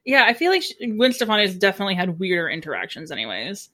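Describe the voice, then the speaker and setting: A woman's voice: medium pitch, sing-song, racing, pushed and bright. A woman co-hosting a casual podcast, chiming in with wry jokes and laughter. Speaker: podcast co-host. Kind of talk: casual chat.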